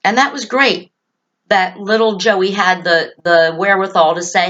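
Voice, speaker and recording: On a talk show, the host speaks earnestly and emphatically to parents and children, repeating key phrases to reassure them. Her voice sits at a medium pitch with a fairly bright tone and a moderate pace, and the sound is lo-fi.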